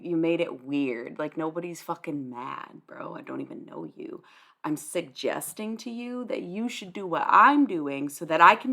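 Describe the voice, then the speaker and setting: A woman's voice: on the low side, creaky, a bit bright. A young woman livestreaming, answering her chat in a blunt, sarcastic, dismissive way and swearing freely. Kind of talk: live stream chat reply.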